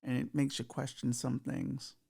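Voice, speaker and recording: Gravelly man riffing crudely. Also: medium pitch, level tone, moderate pace, mellow. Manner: crude, rambling, self-mocking. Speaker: podcast host. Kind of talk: casual comedic monologue.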